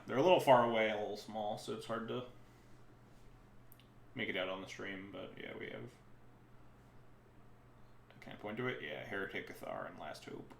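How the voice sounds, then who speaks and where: Streaming a card game from a room at home, a man with a lowish, fry-tinged voice gives casual, rambling commentary. He keeps cutting himself off mid-sentence, and the sound is roomy with slight background noise.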